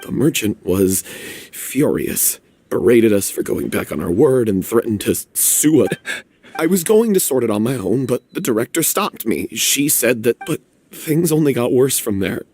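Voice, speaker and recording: An actor playing a meek, remorseful man hesitantly confessing a mistake in a game, with a husky voice. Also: mid-range voice, sing-song, moderate pace, a little mellow. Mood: guilty. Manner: hesitant, apologetic.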